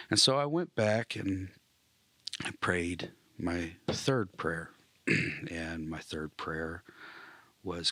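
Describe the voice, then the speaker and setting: A man, a military veteran, telling an emotional personal testimony, often dropping to a hushed near-whisper and clearing his throat. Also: low-pitched, no echo.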